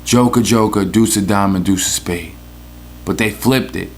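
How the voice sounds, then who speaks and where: A man's voice: lowish voice, normal speed, a little hiss or hum. A man with a New York accent, hosting a podcast with a profane, rambling, joking rant. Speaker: podcast host. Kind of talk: casual comedic rant.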